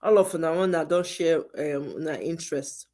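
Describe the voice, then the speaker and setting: A woman's voice: deep voice, a little fast, darkish tone. A Nigerian woman hosting a casual livestream chat, slipping into Pidgin and laughing as she reads viewer comments. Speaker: livestream host.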